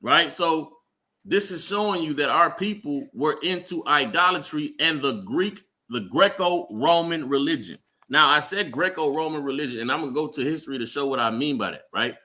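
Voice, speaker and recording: This Bible teacher speaks at a moderate pace, his voice on the high side, pushed and bright. Teaching a street-style Bible class on a live stream, he explains scripture, checks in with "right?" and often stumbles over repeated words.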